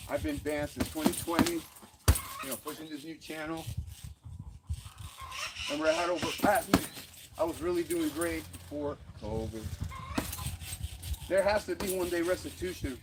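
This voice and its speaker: Guy chatting between punches out in the yard, high swoopy voice, loud roosters and dogs in the background. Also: moderate pace, pauses often, heavy background noise. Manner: loose, rambling, swears freely, laughs often. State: breathing hard from boxing bagwork. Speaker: fitness vlogger. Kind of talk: casual rambling talk during a workout. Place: outdoor home gym under trees on rural land.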